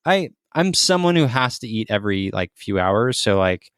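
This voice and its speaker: A man hosting a podcast in casual chat, affirming his guest with quick agreement and halting restarts. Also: lowish voice, very animated, fairly bright tone, smooth, no room sound, clean studio sound. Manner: affirming, stammering restarts, laughs easily. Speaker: podcast host.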